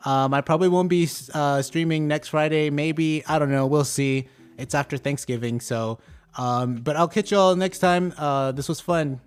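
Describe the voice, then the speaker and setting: A man's voice: fairly high pitch, moderate pace, smooth. Young man hosting a live stream. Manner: hesitant, many ums and uhs. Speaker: livestream host. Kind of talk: casual livestream chat.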